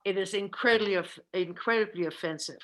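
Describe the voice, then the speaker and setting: Casting: middle-aged woman trainer, earnest, mid-pitched, often restarts phrases. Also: fairly quick, fairly bright tone. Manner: earnest, self-correcting, repeats words. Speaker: caregiving trainer. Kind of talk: presentation with discussion.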